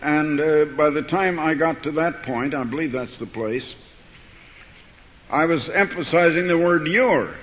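Older-sounding preacher in a reverberant hall. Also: male voice, a little high, measured pace, slight background noise. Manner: rising to forceful emphasis when quoting scripture. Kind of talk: sermon. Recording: dull archival recording in a hall.

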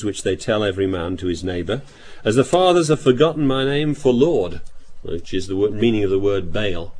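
Man, husky voice, sermon, reads scripture aloud, restarts phrases. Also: lowish voice, normal speed, darkish tone. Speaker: preacher.

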